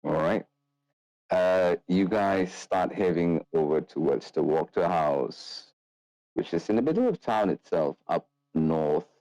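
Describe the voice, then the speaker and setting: A man with a very low voice narrates a tabletop game as game master. He talks loosely, filling his lines with ums and uhs. The sound is dry and close. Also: unhurried, no room sound, poor audio. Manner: loose, relaxed narration with many fillers.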